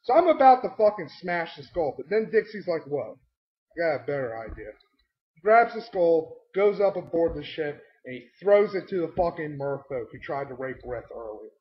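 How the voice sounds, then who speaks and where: A man's voice: fairly high pitch, normal speed, hardly any pauses, lo-fi sound. A man telling the story of his tabletop game weekend in a casual, rambling way, swearing constantly. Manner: heavy swearing, rambling and animated. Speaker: vlogger recounting his tabletop game session.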